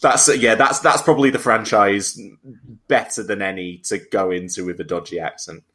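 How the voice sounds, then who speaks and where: Male host, lowish voice, casual film chat, halting delivery. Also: steady tone, fairly bright tone. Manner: hesitant, many restarts. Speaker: podcast host.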